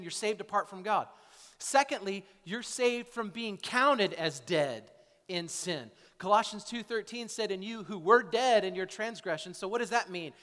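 A male pastor delivers a sermon in a church sanctuary, speaking conversationally and often ending his points with "right?" or "okay?". His voice sits high with a fairly bright tone, and the recording has the echo of a large hall.

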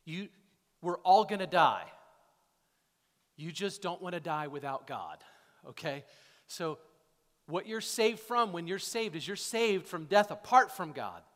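In an echoey church sanctuary, a male pastor preaches with a high, fairly bright voice and lively intonation. He speaks a little slowly with long pauses, keeping a conversational tone and tagging points with "right?" or "okay?".

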